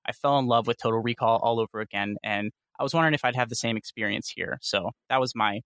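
Guy cohosting a movie podcast, bright voice, dry close sound, laughs as he talks. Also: medium pitch, fast, no echo. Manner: animated, laughs while telling stories. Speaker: podcast co-host. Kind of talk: casual chat.

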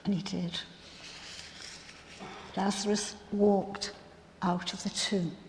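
A woman playing a grieving biblical sister in a first-person dramatic monologue, telling her story in an earnest, reflective, halting way. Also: medium pitch, level tone, a little mellow, slight background noise. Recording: long hall reverb.

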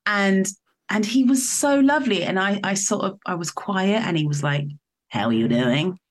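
A woman's voice: mid-range voice, normal speed, a little hiss or hum. A woman from the countryside, a musician telling a story as a guest in a casual interview, rambling and laughing as she goes. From England.

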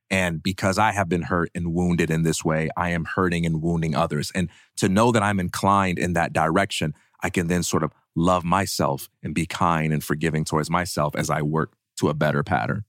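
Deep-voiced man hosting a podcast. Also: no room sound, studio quality. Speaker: podcast host. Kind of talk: casual podcast chat.

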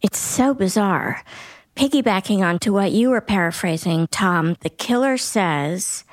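A woman co-hosting a podcast, asking questions in an inquisitive, animated way. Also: medium pitch, a little slow, dry recording. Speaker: podcast co-host. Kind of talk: conversational podcast talk.

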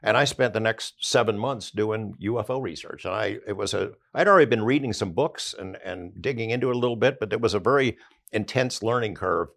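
Low gravelly older man telling a story. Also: a little fast, a bit bright. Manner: conversational, recounting events with quoted dialogue. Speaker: investigative journalist guest. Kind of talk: storytelling in a podcast interview.

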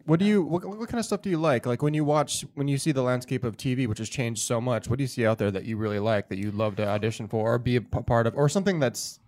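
A man's voice: medium pitch, fast, hardly any pauses, a little mellow. A man co-hosting an interview, asking long, rambling questions full of restarts. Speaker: co-host. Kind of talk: casual interview chat.

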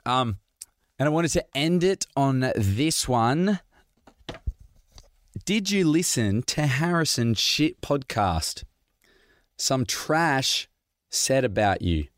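A man's voice: mid-range voice, animated, slow pace, pauses often, no room sound, studio quality. A man hosting a podcast, answering listener questions in a jokey, rambling way. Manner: jokey, rambling, laughs often. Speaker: podcast host. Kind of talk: casual Q&A chat.

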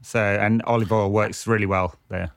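A man co-hosting a casual football podcast, relaxed and easygoing. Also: fairly low pitch, normal speed, gravelly, no room sound, clean studio sound. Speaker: podcast co-host.

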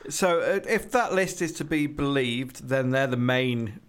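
A man's voice: mid-range voice, expressive, measured pace, clean tone. A man hosting a casual podcast, reading an article aloud with playful, jokey asides. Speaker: podcast host.

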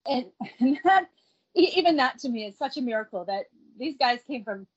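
Breathy middle-aged woman telling a story. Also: sits high, moderate pace. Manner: animated, acts out the quoted voices, laughs between lines. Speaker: guest telling her family story. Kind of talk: casual anecdotal storytelling. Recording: dull lo-fi recording.

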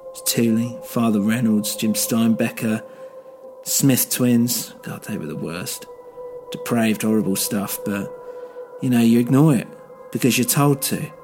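A man's voice: mid-range voice, darkish tone, lightly acted. A man voicing a bitter, weary male police officer who rambles and swears in a single-voice audio drama. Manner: rambling, halting, crude.

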